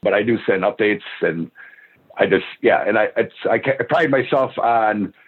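A man who minds other people's dogs talks in a relaxed, rambling way, starting sentences again and again. His voice sits low and sounds husky. The call comes through a thin, phone-like line. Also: moderate pace. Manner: rambling, restarts sentences often. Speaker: dog boarder and pet sitter. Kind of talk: casual chat.

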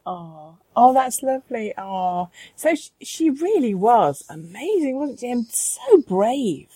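A woman's voice: fairly high pitch, big pitch swings, takes it slowly, dark tone, husky, no room sound. A woman hosting an interview, encouraging her guest.

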